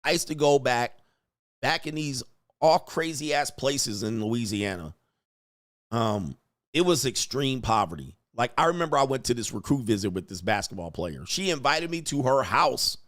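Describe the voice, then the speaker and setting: A man hosting a casual livestream, reading chat comments and telling stories in a profane, animated way. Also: medium pitch, normal speed. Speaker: host of a livestream show. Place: home studio.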